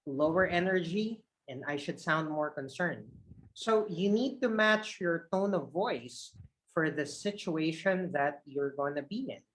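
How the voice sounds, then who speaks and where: A man's voice: on the high side, a little slow, poor audio. A man coaching call center trainees on a video call, shifting his energy up and down to show tone of voice. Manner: expressive, shifts energy up and down to demonstrate tone. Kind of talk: online training session.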